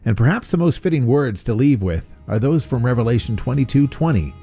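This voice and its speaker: A man's voice: mid-range voice, expressive, a little fast, dark tone, slightly rough, faint music behind. A man reading a scripted outro announcement for a radio program.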